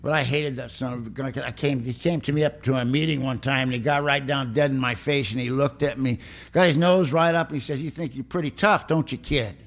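A man's voice: medium pitch, fairly even intonation, a little fast, gravelly. A middle-aged man, telling his own story at a recovery meeting in a raw, plain-spoken way. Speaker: recovery speaker.

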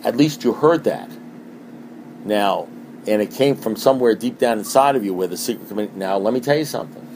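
A middle-aged man giving a talk at a recovery meeting, speaking in an animated, repetitive way and asking his listeners rhetorical questions. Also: fairly low pitch, fairly quick, a little hiss or hum.

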